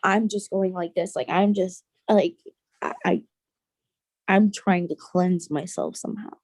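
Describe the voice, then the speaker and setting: A young adult woman, a podcast guest, telling a personal story in an earnest, halting way with many restarts. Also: on the low side, darkish tone, no room sound.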